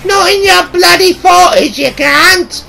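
A man voicing a shrill, scolding mum in a screeching falsetto, nagging and swearing. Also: unhurried, vocal fry, heavily acted. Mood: furious scolding. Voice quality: screeching falsetto, yelled from afar. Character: shrill scolding working-class mum, middle-aged woman.

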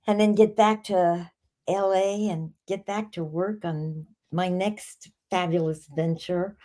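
A woman's voice: lowish voice, fairly even intonation, slow pace, dark tone. Woman, 80s, from the Bronx, upbeat, laughs a lot, interview guest. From the Bronx, New York. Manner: upbeat, laughs often, enthusiastic. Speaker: guest, author. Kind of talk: casual interview chat.

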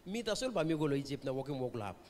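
A man's voice: medium pitch, sing-song, very fast, darkish tone, slight background noise. A male pastor with a Papua New Guinean accent preaching a revival sermon, switching between English and Tok Pisin and putting questions to the congregation. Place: church hall. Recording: long church-hall reverb.

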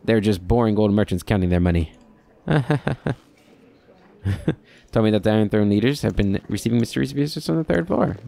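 A man's voice: lowish voice, a little fast, vocal fry, long pauses, dark tone. A man hosting a let's play, reading game text aloud with casual commentary and dry offhand asides.

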